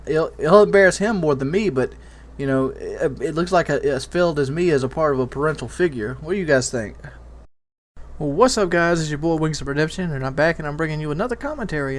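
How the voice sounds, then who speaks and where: A man doing a casual, rambling commentary, telling a candid parenting story with many restarts. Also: a little high. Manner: rambling, repeats words and restarts. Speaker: YouTube commentator.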